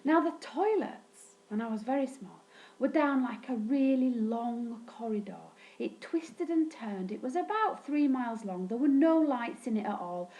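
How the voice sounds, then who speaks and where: A woman telling a funny childhood story in a wry, deadpan vlog monologue, swearing now and then. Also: measured pace, dull audio. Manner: wry, deadpan, sweary humor with sudden pitch jumps. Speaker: vlogger recounting childhood.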